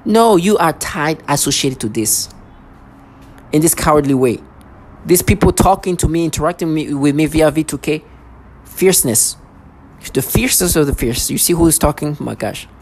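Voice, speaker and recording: Vlogger, mid-pitched, agitated, repetitive, stammers and restarts often. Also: expressive, normal speed, a little mellow. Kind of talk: rambling personal monologue.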